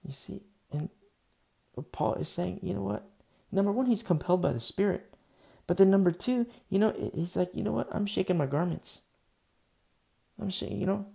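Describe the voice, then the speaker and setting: Gravelly, mellow-voiced male pastor. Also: high-pitched, moderate pace. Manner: casual, rambling, many fillers and restarts. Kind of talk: conversational sermon.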